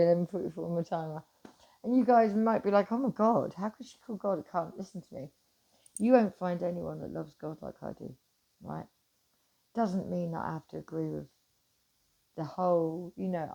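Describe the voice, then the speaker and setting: A middle-aged woman chatting casually to camera, animated and swearing freely, swinging from loud bursts to hushed asides. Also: on the low side. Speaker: vlogger.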